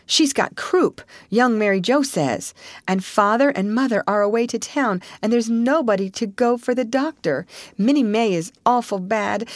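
A woman's voice: on the high side, no echo, clean studio sound, pitched above the performer's own voice. A woman reading a storybook and voicing a frightened, breathless young girl who pleads tearfully. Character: scared breathless little girl, Diana.

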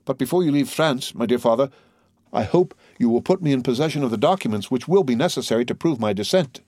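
A man's voice: mid-range voice, animated, quick pace, a little mellow, no room sound, clean studio sound, pitched above the performer's own voice, close to an everyday voice. A man reading aloud who voices an eager, scheming young man with an anxious, ingratiating manner.

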